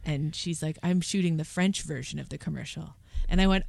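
Woman, podcast host, slightly low voice, casual chat, excitable storyteller. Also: fairly quick, vocal fry, no echo. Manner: chatty, excitable storytelling with laughs.

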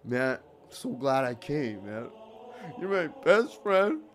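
A man voicing an excitable young male groomsman who gushes over his friend and keeps saying "man". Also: medium pitch, takes it slowly, slight background noise. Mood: emotional, fond. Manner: gushing, repeats "man" constantly.

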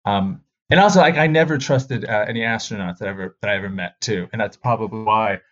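A man's voice: on the low side, quick pace. A comedian in his thirties telling a self-deprecating personal story with lots of fillers and restarts, acting out the voices of the people in it. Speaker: stand-up comedian. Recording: dull lo-fi recording.

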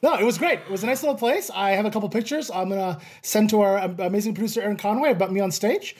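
A man from Canada, hosting a podcast and telling stories in a rambling, animated way with plenty of fillers. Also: high voice, racing. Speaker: podcast host. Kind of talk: casual chat.

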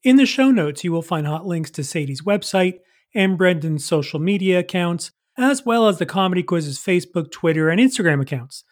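Male quiz host, high-pitched, playful and animated, hosting a casual comedy podcast. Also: fairly quick. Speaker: quizmaster host.

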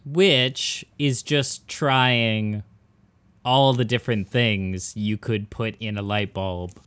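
A man's voice: on the low side, steady tone, slow pace, fairly bright tone, clear, resonant tone, dry recording. A man co-hosting a comedy podcast, chiming in with dry quips. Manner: dry quips, laughs easily. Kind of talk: casual comedic chat.

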